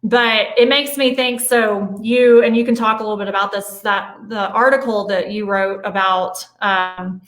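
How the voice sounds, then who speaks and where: A woman's voice: medium pitch, steady tone, moderate pace, few pauses, a bit bright. Woman host in an echoey room. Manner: casual, hesitant, with frequent restarts. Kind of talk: conversational interview.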